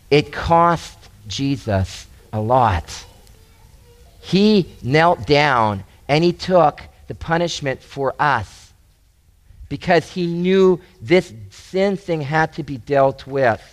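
A man preaching a sermon with a slightly high voice. He speaks earnestly, repeats and restarts his phrases, and lifts his voice to stress a point. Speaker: pastor.

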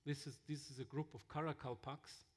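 A man telling mission stories in a sermon, halting with fillers and restarts. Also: medium pitch, fairly even intonation. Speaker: missionary speaker. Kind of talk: sermon-style storytelling.

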